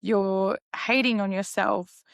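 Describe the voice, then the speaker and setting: Animated woman podcast host, dry sound. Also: medium pitch, gravelly, no room sound. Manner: animated, emphatic, talks in quick bursts. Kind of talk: conversational interview hosting.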